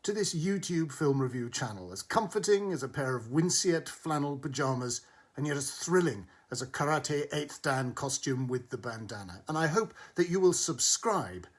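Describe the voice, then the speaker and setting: A man's voice: medium pitch, expressive, moderate pace, breathy edge. A man giving a scripted film review, speaking with a wry, arch wit. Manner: wry, arch, witty delivery. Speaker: film critic.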